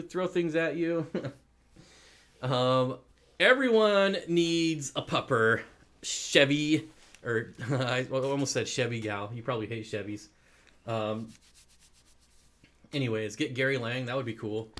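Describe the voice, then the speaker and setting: A man's voice: a little high, unhurried, long pauses, fairly bright tone. A man hosting an aquarium live stream, chatting casually and laughing as he answers viewer comments.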